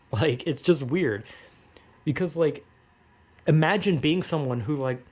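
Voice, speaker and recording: A man's voice: a little high, takes it slowly, breathy edge. A young man in a casual, rambling rant, swearing often and mocking himself. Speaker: online commentator.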